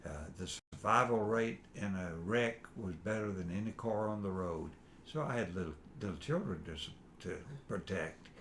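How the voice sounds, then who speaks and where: An older man, reminiscing in a halting, rambling way with fillers while his son interviews him. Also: on the low side, fairly bright tone, slight background noise. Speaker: father being interviewed. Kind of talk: casual family interview.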